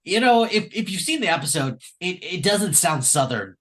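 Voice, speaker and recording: A man co-hosting a podcast, recapping an episode in casual, animated chat with frequent fillers and laughs. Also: sits high, moderate pace. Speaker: podcast co-host.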